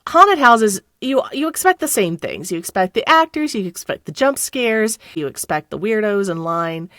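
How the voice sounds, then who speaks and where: A middle-aged woman guest telling a story in casual chat, her pitch leaping up and down as she laughs and acts out the people she quotes. The sound is dry and close, with no room around it. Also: big pitch swings, normal speed, a bit bright, no echo.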